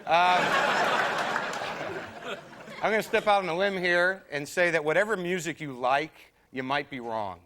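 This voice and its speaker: With a crowd in the background, a man's slightly high voice moves at an unhurried pace, leaving long pauses. He's a stand-up comedian on a TV studio stage before an audience, voicing the characters he describes, and the broadcast stage sound picks up background noise and the audience laughing.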